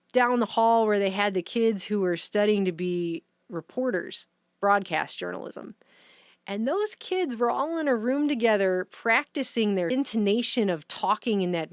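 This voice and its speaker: A woman's voice: medium pitch, no echo, clean studio sound. A woman giving opinion commentary in a sarcastic, indignant way, picking up speed when she gets worked up.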